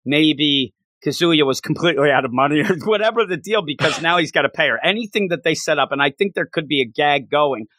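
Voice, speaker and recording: A man co-hosting a casual podcast chat, talking animatedly and acting out characters' lines in quick bursts. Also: fairly high pitch, expressive, sharp tone, no echo. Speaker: podcast co-host.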